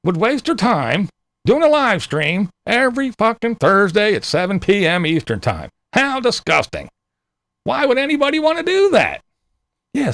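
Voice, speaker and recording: A man's voice: high-pitched, fairly bright tone, no echo. A man hosting his own channel, delivering a profane, exasperated rant straight to his viewers. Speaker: channel host. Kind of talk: ranting vlog monologue.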